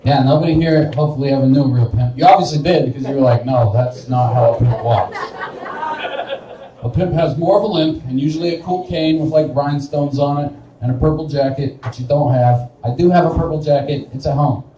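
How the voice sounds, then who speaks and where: A young man from Wichita, Kansas, performs a rambling, self-deprecating stand-up set on the live stage of a small bar, often laughing at his own jokes. His voice is fairly high and he talks fast with few pauses. It's picked up from a distance in an echoey bar room with background noise.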